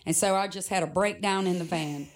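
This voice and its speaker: A woman's voice: lowish voice, brisk. A woman guest, a musician, telling a personal story in conversation, reflective and often laughing between sentences.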